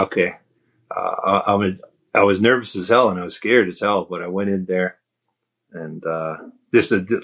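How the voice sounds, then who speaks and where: A middle-aged man from Canada, a podcast guest, telling stories in a relaxed, self-deprecating way with many fillers. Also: sits low, breathy edge. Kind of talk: casual storytelling.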